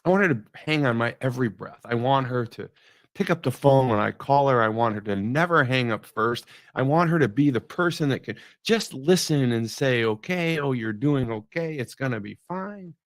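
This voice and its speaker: A middle-aged man speaks in a reflective devotional talk, his voice gravelly with a gritty fry. The sound is close and dry with no room around it. He muses conversationally and lets his sentences fade low and soft. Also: normal speed, dry recording. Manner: musing, conversational, trails off quietly.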